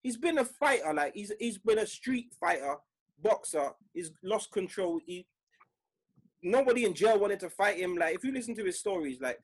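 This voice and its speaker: A man's voice: sits high, animated, normal speed, husky. A man co-hosting a podcast, telling stories in slangy casual chat. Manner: storytelling, slangy, laughs along. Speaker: podcast co-host.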